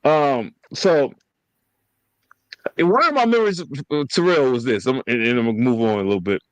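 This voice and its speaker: A man hosting a podcast, telling family stories in a casual, animated and profane way. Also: medium pitch, brisk, no echo, low-quality recording. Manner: animated storytelling, slangy and profane. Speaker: podcast host.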